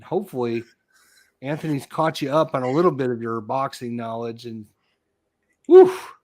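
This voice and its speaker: A man hosting a relaxed live chat, talking at a middling pitch and wandering off mid-thought to search his memory. His voice is recorded dry and close, with no room sound around it. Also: a little fast, dry recording. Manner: rambling, loses his train of thought. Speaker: podcast host.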